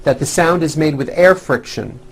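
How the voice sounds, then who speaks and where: A middle-aged man presenting a scripted pronunciation lesson, speaking clearly and carefully as a teacher. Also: a little high, normal speed. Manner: clear, careful instructional delivery.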